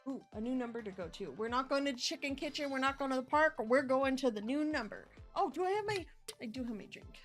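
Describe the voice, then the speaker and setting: A bubbly young woman from the US West Coast chats playfully through a game stream. Her voice sits a little high and swings lively up and down, with a touch of faint music behind her. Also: quick pace. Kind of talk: casual gameplay commentary.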